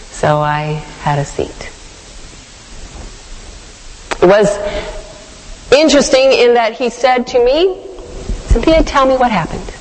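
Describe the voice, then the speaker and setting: A woman's voice: mid-range voice, slight background noise. Earnest woman telling a sermon story. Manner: earnest storytelling, slow and reflective. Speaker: devotional speaker. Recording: long hall reverb.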